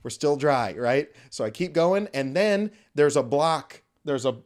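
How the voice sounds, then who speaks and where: A man's voice: a little high, animated, unhurried. A young man hosting a podcast, telling a story casually and with animation, swearing freely and acting out quoted voices. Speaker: podcast host.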